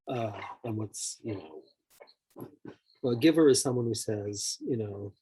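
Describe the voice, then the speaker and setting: A male therapist explains personality types through examples, his voice lowish, unhurried and mellow with a breathy edge, on a rough recording. He's loose and conversational, full of "like" and "you know," and sometimes acts out the people he describes.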